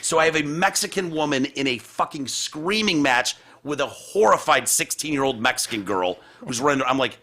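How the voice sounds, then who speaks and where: A man's voice: on the high side, moderate pace, hardly any pauses, a little hiss or hum. A man hosting a podcast in casual chat, telling a story full of swearing and acting out the people in it. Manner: profane, animated storyteller who acts out people he quotes. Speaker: podcast host.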